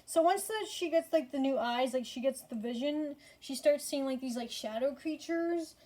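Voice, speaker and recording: A woman's voice: sits high, normal speed, dark tone. A tired woman casually ranking movies in a rambling, profane way, full of fillers and frequent swearing. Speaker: movie reviewer.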